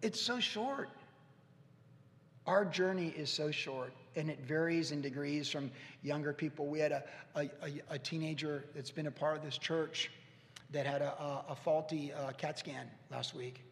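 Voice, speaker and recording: A man's voice: a little high, fairly even intonation. A man in his fifties, a pastor giving an earnest, storytelling sermon in a church. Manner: earnest, storytelling, pauses and restarts. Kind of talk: conversational sermon. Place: church sanctuary. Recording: echoey church hall.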